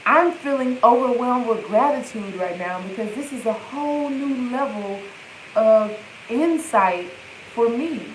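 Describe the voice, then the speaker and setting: Speaking directly into her phone on a live stream, a woman presents herself like a healing coach in a self-help talk. Her voice is a little high and she stresses repeated affirmations emphatically, in an echoey room with a faint hiss.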